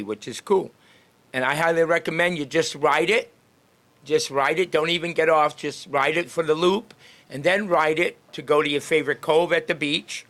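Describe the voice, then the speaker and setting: An upbeat man, a street greeter and podcast host, chats freely with people passing by on a town street, laughing often. His voice is slightly high with a fairly bright tone.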